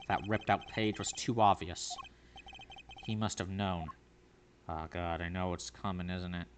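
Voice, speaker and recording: A man's voice: lowish voice, a little hiss or hum. Man muttering exasperated gaming asides. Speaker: gamer playing through a courtroom game. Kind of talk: let's-play commentary.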